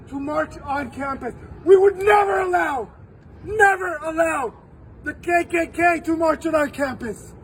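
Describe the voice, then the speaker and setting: A man in his forties giving an impassioned protest speech outdoors, shouting at times and his voice breaking with tears. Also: very high-pitched. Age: 40s. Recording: distant mic, faint street traffic.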